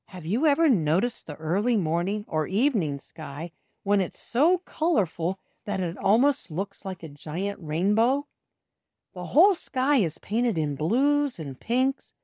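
The recording is studio quality with no room sound: a woman with a mid-range voice reads a kids' storybook aloud. Taking the role of a cat narrating in the first person, she tells the story slowly and expressively, talking right to young listeners.

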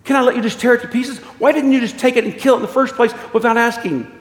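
A man's voice: expressive, fast. A preacher voicing a panicky, pleading male ghost who cannot let go of a vice, in an echoey hall. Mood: panicked. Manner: pleading, panicky, shrill when scared. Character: frantic cowardly male ghost clinging to a vice. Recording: echoey hall, roomy reverb.

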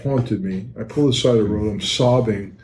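An older man, a podcast guest, telling a story in an animated, emphatic way. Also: lowish voice, moderate pace. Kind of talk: storytelling interview. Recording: roomy with faint noise.

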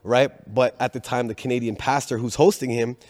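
A man telling a family story in casual chat, animated, laughing often and acting out the people he quotes. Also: mid-range voice, fairly quick, in a large hall.

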